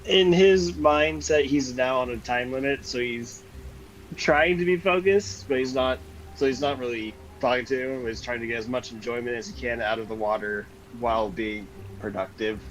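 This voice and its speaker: A man explaining his character's thinking to the game master, halting and explanatory. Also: mid-range voice, highs cut off. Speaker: player.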